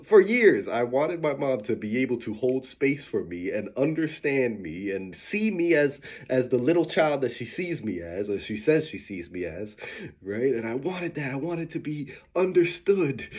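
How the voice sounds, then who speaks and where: Guy giving a blunt pep talk, husky voice, swears a lot, laughs between points. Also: medium pitch. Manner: candid, emphatic, swears, laughs often; acts out quoted voices of himself and his mom. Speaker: host. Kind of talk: motivational monologue.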